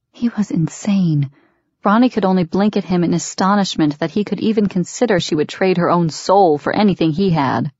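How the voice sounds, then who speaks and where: A woman reading an audiobook in steady, measured scripted narration. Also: lowish voice, no room sound. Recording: dry, dull lo-fi recording.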